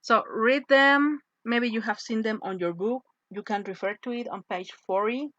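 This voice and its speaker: A woman teaching an English lesson, slow and patient, often checking in with "yes?" as she explains. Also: fairly high pitch, a bit bright, dry recording. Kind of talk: slow classroom lesson with read-aloud phrases. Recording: dull lo-fi voice recording.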